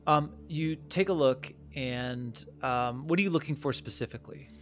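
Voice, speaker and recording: A man narrating as game master in a tabletop game, hesitant with many fillers. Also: medium pitch. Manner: halting, lots of fillers.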